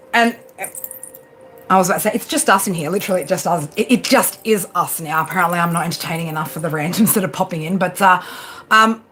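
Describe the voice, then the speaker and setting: A woman's voice: fairly low pitch, fairly bright tone. A woman tarot reader hosting a casual live stream from home, chatty and swearing freely as she talks to viewers and her pets by name.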